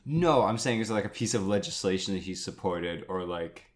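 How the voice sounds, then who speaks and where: Low voiced young dude cracking dry jokes on a podcast. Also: male voice, animated, fairly quick. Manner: dry, sarcastic banter. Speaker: podcast co-host. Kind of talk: casual political chat.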